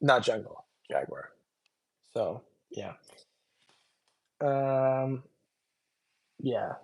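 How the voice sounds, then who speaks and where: The reptile channel's male host has a mid-pitched voice and a moderate pace. Tired after a long stream, he reads chat comments and trades loose, rambling jokes full of fillers.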